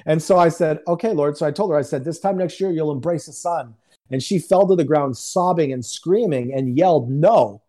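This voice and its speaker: This guest minister has a warm, fairly high-pitched voice and a brisk pace. Speaking over a remote call, he shares a personal testimony in a conversational storytelling style, voicing the quoted lines himself.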